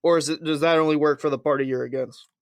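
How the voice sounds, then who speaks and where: A man co-hosting a podcast, ranting in halting bursts with restarts. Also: a little high, fairly even intonation, dry recording, studio quality. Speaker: podcast co-host. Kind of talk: casual chat.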